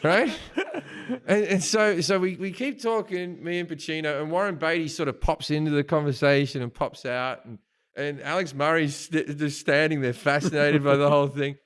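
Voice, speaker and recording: A man's voice: a little high, steady tone, normal speed, clear, resonant tone. Rambling profane male comedian. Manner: profane, rambling with frequent restarts. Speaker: stand-up comedian, podcast guest. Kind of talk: comedic storytelling.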